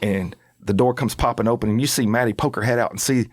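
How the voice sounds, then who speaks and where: Middle-aged guy cohost spinning a funny story, mid pitch, dry close sound. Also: fast talker, no echo. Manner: animated storyteller, acts out shouts and quotes. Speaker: podcast co-host. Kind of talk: casual chat.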